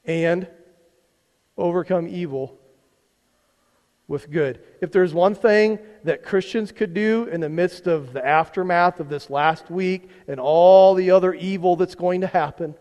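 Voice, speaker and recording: A male pastor speaks at a measured pace in a high, darkish-toned voice, giving his church a conversational sermon. He frequently asks the congregation questions and repeats words. Long hall reverb marks the sanctuary recording.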